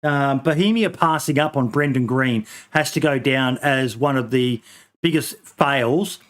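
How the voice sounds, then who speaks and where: A man's voice: medium pitch, unhurried, a bit bright. Rambling man hosting a podcast. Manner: rambling, many ums and restarts, swears casually. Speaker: podcast host. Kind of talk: casual podcast chat.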